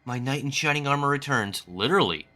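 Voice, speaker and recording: A man's voice: medium pitch, animated, fast, pushed and bright, soft background music. A man reading a dry teasing armored woman.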